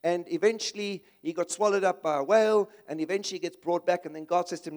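Male preacher, high voice, impassioned conversational sermon delivery. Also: fairly quick, hardly any pauses, a little mellow.

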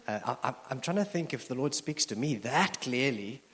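A male pastor delivers a sermon in a casual, humorous way, trailing off into fillers and restarts. His voice sits at an ordinary middle pitch for a man. The sound carries the long, echoing reverb of a large church hall. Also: animated, moderate pace, a bit bright. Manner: conversational, self-deprecating humor, frequent fillers. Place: church auditorium.

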